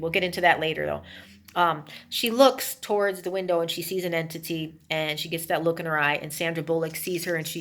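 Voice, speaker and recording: A woman casually retelling a movie's plot, rambling with emphatic asides to her listeners. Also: sits low. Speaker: movie reviewer.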